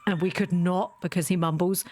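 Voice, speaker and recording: A woman's voice: fairly low pitch, steady tone, moderate pace, a little mellow. A woman streamer chatting casually during a livestream, rambling through anecdotes.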